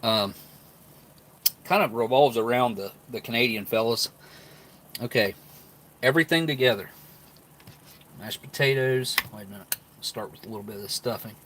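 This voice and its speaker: A man's voice: mid-range voice, normal speed, pauses often, a bit bright, slight background noise. A man hosting a casual live-stream food review, rambling and laughing often while he talks with his mouth full.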